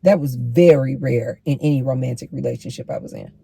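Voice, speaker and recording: A woman's voice: extremely low pitch, a little fast, vocal fry, warm tone, slightly rough, no room sound. Emphatic middle-aged woman giving advice. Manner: emphatic, preachy, direct address to women. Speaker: relationship advice vlogger. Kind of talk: advice monologue to camera.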